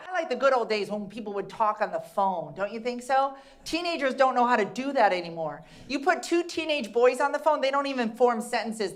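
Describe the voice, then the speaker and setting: Chatty woman comedian, higher voice. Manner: chatty, teasing the crowd with questions. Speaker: stand-up comedian. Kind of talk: stand-up comedy routine.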